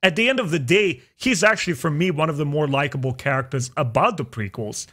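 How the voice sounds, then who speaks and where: A man hosting a podcast, chatting casually and opinionatedly, his pitch jumping up for emphasis. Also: a little fast. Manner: opinionated, animated, jumps into high pitch for emphasis. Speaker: podcast host. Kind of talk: casual chat.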